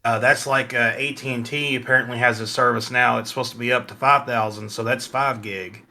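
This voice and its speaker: An easygoing man guests on a casual podcast and rambles through complaints with crude jokes. His voice is bright and forceful, with a plain middle pitch. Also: fairly even intonation, a little fast, gravelly, slight background noise. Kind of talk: casual chat.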